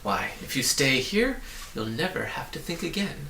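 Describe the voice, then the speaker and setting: A sly, menacing storybook demon of petty chores, put on by a male reader, snarling one moment and wheedling the next. The voice is bright and sharp, and it rings in an echoey room. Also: medium pitch, expressive, normal speed, slight background noise, close to an everyday voice. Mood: coaxing.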